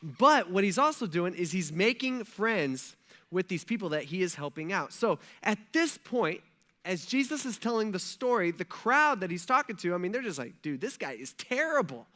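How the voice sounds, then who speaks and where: A man's voice: high voice, animated, normal speed, sharp tone. A male pastor preaching a conversational sermon, retelling a story in casual, slangy words and speaking directly to his congregation.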